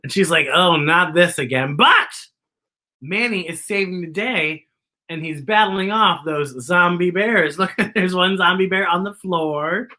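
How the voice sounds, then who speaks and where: A woman's voice: fairly low pitch, a little slow. A woman hosting a children's story time, reading a picture book aloud and talking playfully and directly to young listeners. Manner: playful, animated, talks straight to kids.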